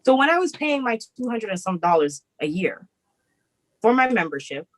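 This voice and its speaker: Animated, emphatic woman. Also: mid-range voice, normal speed, a little hiss or hum, low-quality recording. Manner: animated, emphatic, laughs often. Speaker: podcast co-host. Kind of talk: casual chat.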